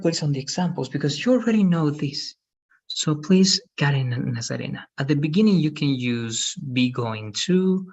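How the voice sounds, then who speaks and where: A man's voice: fairly high pitch, slightly rough. A male English teacher explaining grammar step by step in an online class.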